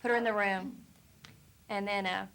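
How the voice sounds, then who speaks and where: A woman's voice: medium pitch, fairly even intonation, moderate pace, fairly bright tone, a little hiss or hum. A woman, the mother of a three-year-old, describing her daughter's tantrums in a chatty, slightly self-deprecating way. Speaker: caller asking for advice.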